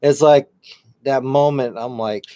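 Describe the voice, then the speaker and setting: Mellow laid-back man, relaxed chat. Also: mid-range voice, measured pace. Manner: relaxed, laughs often, reads out listener comments. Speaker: paranormal podcast co-host. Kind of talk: casual chat. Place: home studio.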